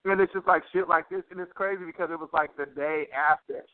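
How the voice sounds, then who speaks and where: A man co-hosting a casual podcast, swearing freely and leaning on "like" as he tells an animated story. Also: on the high side, fast, no echo. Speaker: podcast co-host. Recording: tinny phone-line sound, dry.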